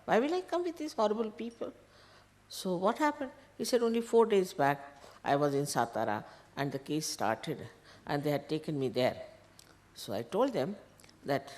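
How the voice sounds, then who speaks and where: Older woman, low voice with a lively melody, spiritual teacher recounting an anecdote. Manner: animated anecdote, quoting others in dialogue, soft laughs. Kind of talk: storytelling talk to followers.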